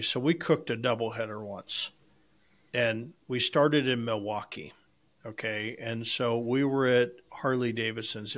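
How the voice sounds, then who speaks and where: A man's voice: mid-range voice, fairly bright tone. A man co-hosting a barbecue podcast, telling rambling anecdotes in a casual, salty, storytelling way. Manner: rambling anecdotes with frequent restarts, salty language. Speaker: podcast co-host and competition barbecue cook.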